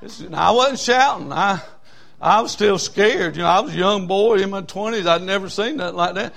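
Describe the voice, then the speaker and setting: A man, telling a story in a sermon in a folksy, animated way, with bursts of whooping. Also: high-pitched, normal speed, gravelly. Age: 60s.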